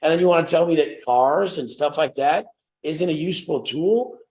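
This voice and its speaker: A brash young man leads a motivational group coaching call, swearing freely and acting out the voices of the people he talks about. His voice sits a little high. The sound is roomy and echoing. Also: normal speed, darkish tone.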